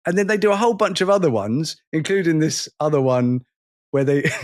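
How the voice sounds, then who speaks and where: A man's voice: fairly high pitch, moderate pace, no room sound, clean studio sound. A man co-hosting a podcast, telling stories in casual chat with frequent laughter. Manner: animated, laughing storyteller. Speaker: podcast co-host.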